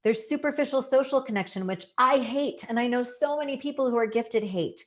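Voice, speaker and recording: A woman's voice: fairly high pitch, brisk. A woman giving an educational talk, explaining things earnestly and leaning on key words for emphasis. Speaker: presenter.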